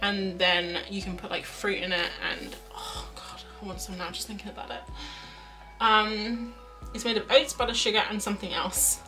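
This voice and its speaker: A young art streamer rambles casually during a drawing livestream and reads chat messages aloud. Her mid-range voice is flat in delivery yet pushed and bright, at a normal pace, heard slightly off-mic over faint music.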